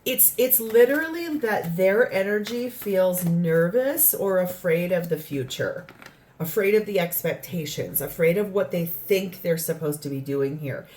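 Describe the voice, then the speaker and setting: A woman's voice: on the low side, animated, measured pace, darkish tone. Woman doing a rambling tarot reading. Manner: earnest, rambling, acts out quoted lines. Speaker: tarot reader.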